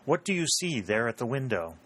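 A man reading an audiobook voices a worldly, self-possessed young society woman who speaks in quick exclamations. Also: medium pitch, pitched above the performer's own voice. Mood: light. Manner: excited, exclaiming.

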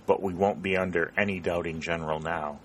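A man reading the lines of a young Union soldier in a plain, quiet, earnest voice. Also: low-pitched, steady tone, fairly quick, slight background noise, lightly acted. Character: young male Union soldier, steady and confident.

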